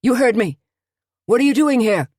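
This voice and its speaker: A woman voicing a frantic shouting man. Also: fairly high pitch, lively intonation, normal speed, slightly rough, dry recording, studio quality, voice pushed up. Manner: shouting, then sobbing in panic. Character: frantic rough man yelling at trespassers.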